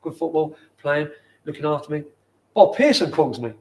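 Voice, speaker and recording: A man in his forties with a London accent, a former footballer telling stories in casual chat in a bar, animated and swearing often. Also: on the high side, normal speed. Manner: animated, swears often, acts out quoted people. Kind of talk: casual storytelling.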